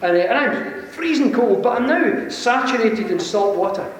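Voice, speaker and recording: A Scottish man with a Glasgow accent telling an animated, self-deprecating story to a conference audience, chuckling often. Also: very high-pitched, normal speed. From Scotland. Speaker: conference speaker. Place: large conference hall. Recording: very echoey hall, mic far off, faint hiss.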